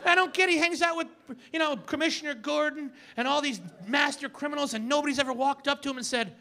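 Stand-up comic, male, 40s; loud mocking rants, high bright tone, live club recording. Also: quick pace, vocal fry. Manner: loud, ranting delivery with mocking asides. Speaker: stand-up comedian. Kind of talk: stand-up comedy set. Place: comedy club stage with audience.

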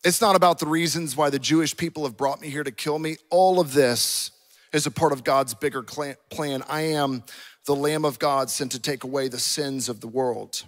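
Impassioned male preacher, higher voice. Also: normal speed, a bit bright. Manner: impassioned preaching, acting out scripture dialogue. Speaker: pastor. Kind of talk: sermon. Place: church auditorium.

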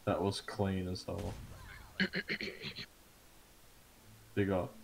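A man's voice: low voice, little pitch movement, creaky, slight background noise, rough recording. A man in casual gaming banter, laughing and teasing his friends. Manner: laughing, teasing, drawn-out reactions. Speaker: gamer.

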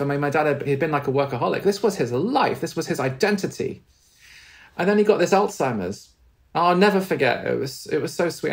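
Male guest, tender, halting delivery, conversational storytelling, mid-range voice. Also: medium pitch, creaky. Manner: halting, many restarts, tender and earnest. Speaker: spiritual teacher, podcast guest.

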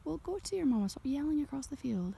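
A woman voicing a little lamb that is looking for its mother, in a high, plaintive, childlike way. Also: expressive, fast, gravelly, background noise.

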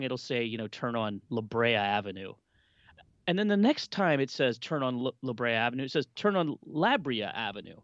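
A man co-hosting a tech podcast, talking with an animated, lively voice full of restarts and exasperation. His remote audio sounds dull and muffled. It is dry, with no room sound. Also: fairly high pitch, dry recording. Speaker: podcast co-host. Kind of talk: casual tech podcast chat.

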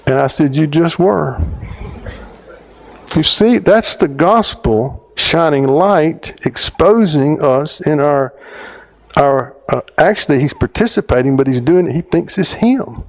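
Man, middle-aged, theologian, storytelling talk, fairly high pitch, halting phrasing, animated. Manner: animated storyteller, voice climbs high when quoting himself; halting phrasing, restarts mid-sentence. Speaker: theologian speaker.

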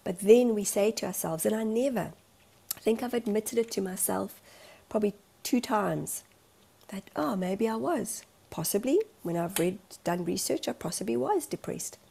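A woman's voice: medium pitch, moderate pace, gravelly, dark tone, a little hiss or hum. A woman in a candid vlog monologue, speaking as a life coach in an earnest, emotional, rambling way.

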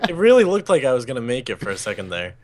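A man's voice: mid-range voice, very animated, racing, a crowd in the background. A man with a Boston accent in easygoing, casual chat with friends while playing a game together online. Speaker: new server member.

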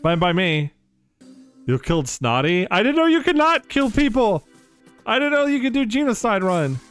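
A man giving casual live commentary while streaming a game, excitable and quick to laugh, swearing often and reacting loudly to surprises. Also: sits high, smooth, soft background music. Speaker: streamer playing a modded platform game.

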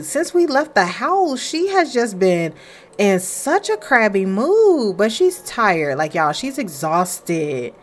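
A young woman casually commenting as she plays a life-simulation game, chatting to viewers and voicing her characters in quick quoted asides. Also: mid-range voice. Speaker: gaming creator playing a life-simulation game. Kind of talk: casual let's-play commentary.

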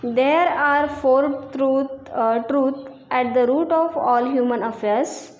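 A woman teacher goes through a lesson's answers, reading each one slowly and then repeating it. Her voice sits fairly high, and the recording has a lot of room echo. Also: a little mellow. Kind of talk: slow classroom lesson reading answers aloud. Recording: echoey room.

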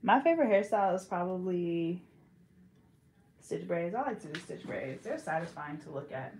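A woman's voice: lowish voice, lively intonation, a little mellow, reverberant, a little hiss or hum. Playful teasing woman braider. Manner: playful, teasing, drawn-out mock pronunciations. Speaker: hair braider and vlogger. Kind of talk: casual chat while braiding.

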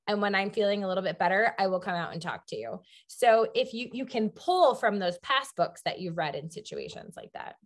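An earnest woman talking on a community panel about parenting, her pitch sitting in an ordinary middle range. She leans on fillers like "um" and "like" as she thinks aloud, in a loose, conversational way. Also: lively intonation, a little fast, hardly any pauses. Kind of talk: panel discussion.

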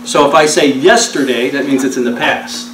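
A man's voice: medium pitch, moderate pace, a bit bright. A man leading a church Bible study, explaining scripture in a conversational way and quizzing the class with questions. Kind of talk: interactive Bible study lesson. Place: church meeting room. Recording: echoey room, distant mic, noisy.

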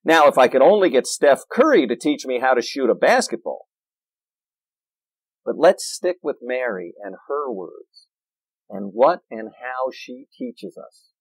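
Lively, slow-paced preaching man. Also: medium pitch, slightly rough, no room sound, poor audio. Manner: animated, playful preaching with asides and jokes. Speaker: pastor. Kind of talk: sermon. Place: church.

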